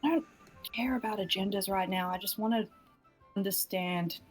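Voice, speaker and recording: A woman's voice: medium pitch, normal speed, faint music behind. A woman playing a tabletop game, speaking directly and pressing others with questions. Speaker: tabletop player. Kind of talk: casual in-character play.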